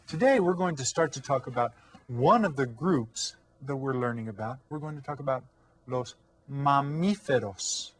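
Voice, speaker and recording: Man, elementary teacher, friendly and encouraging, slow drawn-out modeling for kids, mid-pitched voice. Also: lively intonation, husky. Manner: slow, drawn-out modeling of words for children to repeat. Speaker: Spanish teacher. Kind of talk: elementary school video lesson.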